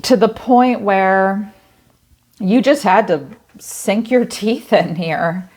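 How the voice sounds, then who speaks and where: A woman giving a tarot reading in a blunt, casual way, swearing freely and thinking aloud as she talks. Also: lowish voice. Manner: conversational, thinking aloud with many "like" fillers. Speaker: tarot reader.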